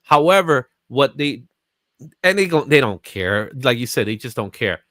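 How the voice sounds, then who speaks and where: A man's voice: mid-range voice, sing-song, normal speed, bright, forceful tone, no echo. A man hosting a comics market show, chatting casually and laughing often. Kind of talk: casual chat.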